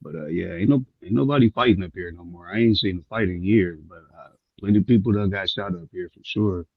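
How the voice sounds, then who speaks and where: A man from Milwaukee calls in with a low voice and a relaxed, drawling delivery. His audio comes through dull and lo-fi. The sound is dry. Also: a little fast, breathy edge, no echo. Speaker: guest caller. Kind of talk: casual chat. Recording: dull lo-fi line.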